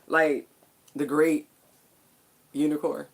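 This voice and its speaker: A woman's voice: sits low, flat delivery, slow. A woman giving a casual spiritual tarot reading, chatty and emphatic, with casual swearing. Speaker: tarot card reader.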